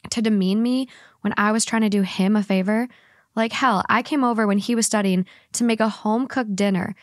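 A woman podcast host reads a Reddit story aloud with lively energy, breaking into laughs and swearing freely. Her voice sits in a middle pitch. The sound is dry and close, with no room around it. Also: dry recording. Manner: animated, laughs often, swears casually.

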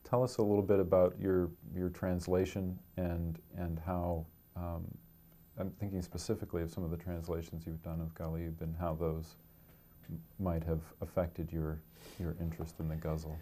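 A man's voice: low voice, level tone, moderate pace, mellow, slight background noise. A man interviewing a poet, asking his questions hesitantly with restarts.

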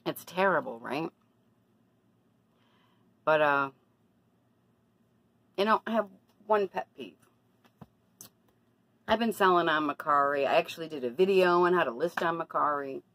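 This vlogger has a deep, slightly bright voice with lively intonation, a measured pace, and frequent pauses. The low-quality recording has no echo. Talking casually to her camera, she confides and then turns indignant over bad deals.

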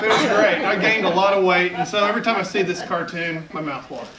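A Southern man in his fifties tells stories from his cartooning career to an audience, chatty and quick to poke fun at himself. His voice sits fairly high for a man. He is picked up from a distance in a roomy, echoing hall. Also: over a noisy crowd, heavy background noise. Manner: chatty, self-deprecating humor. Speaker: editorial cartoonist giving a talk. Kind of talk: public talk to an audience. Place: event hall at a library. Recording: echoey hall, picked up from far off.

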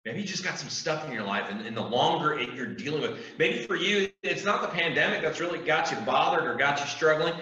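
Youth pastor, male, bright forceful voice, earnest preaching; echoey room, distant mic. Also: fairly high pitch, expressive, fairly quick, few pauses, muffled recording. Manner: earnest, emphatic preaching with repetition. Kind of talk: youth group sermon.

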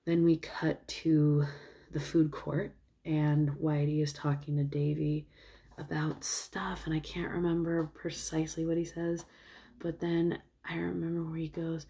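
Young woman vlogger, low warm voice, loose rambling retelling. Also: level tone, measured pace. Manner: rambling, with fillers and soft asides. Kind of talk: casual storytelling, retelling a film.

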